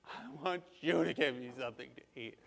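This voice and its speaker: A man voicing a small, tearful little girl who begs for food in a slow, drawn-out whine, heard in an echoey hall. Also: mid-range voice, creaky, fairly bright tone. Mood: whiny pleading.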